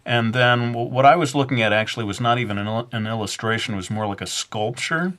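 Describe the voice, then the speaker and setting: A man's voice: medium pitch, quick pace, a bit bright. A man narrating a drawing tutorial in a loose, rambling way, full of fillers and little self-deprecating jokes. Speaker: drawing instructor.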